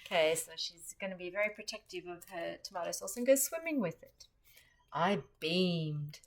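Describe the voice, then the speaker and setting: An Australian woman reading a children's chapter book aloud, full of expressive storytelling. Her voice sits a little low for a woman. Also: moderate pace.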